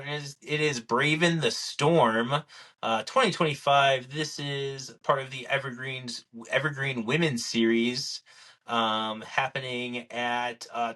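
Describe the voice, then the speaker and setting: Unhurried and mid-range in pitch, this young podcast co-host tells stories with animation in casual chat, performing the quotes of the people involved.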